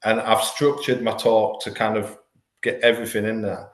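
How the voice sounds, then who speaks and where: A man's voice: fairly low pitch, flat delivery, normal speed. A man, a podcast guest talking candidly and earnestly, often restarting his words. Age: 40s. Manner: earnest, repeats words when restarting thoughts. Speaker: podcast guest, life coach. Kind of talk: candid conversational interview. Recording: roomy echo.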